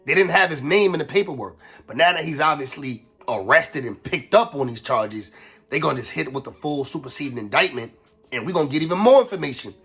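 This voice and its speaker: Sick, gravelly-voiced man talking street news. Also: a little high, animated, brisk, fairly bright tone, faint music behind. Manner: blunt street slang, frequent "bro". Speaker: rap news commentator. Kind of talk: casual commentary. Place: home setup in the Bronx.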